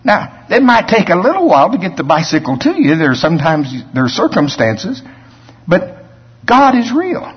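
A man's voice: sits high, huge pitch swings, moderate pace, breathy edge. A man preaching a sermon in a conversational, storytelling way, with asides to his listeners. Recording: dull lo-fi sermon recording.

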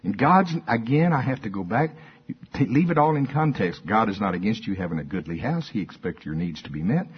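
Husky older preacher man. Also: on the low side, expressive, a little fast. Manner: folksy, conversational preaching with repetition and call-and-response. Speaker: pastor. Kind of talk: sermon. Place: church. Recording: dull lo-fi sermon recording.

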